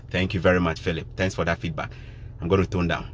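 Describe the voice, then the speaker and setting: A man's voice: low-pitched, flat delivery, quick pace, a little hiss or hum. A man from Ghana with a Ghanaian accent, talking to his viewers in a casual live stream, emphatic and preachy, repeating his points. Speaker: vlogger.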